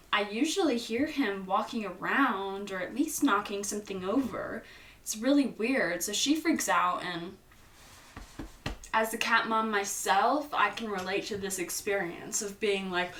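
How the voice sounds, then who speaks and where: A young woman chats through a movie recap, unhurried and playful, acting out the characters' lines. Her voice is bright and fairly high. She sounds a little away from the mic in a roomy space. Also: distant mic. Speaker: host.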